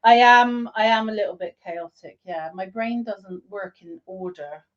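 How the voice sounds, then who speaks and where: A woman's voice: medium pitch, dull audio. A woman co-hosting a podcast, teasing her partner in a playful, chatty way. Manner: teasing, playful, quick to laugh. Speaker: podcast co-host. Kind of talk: casual chat.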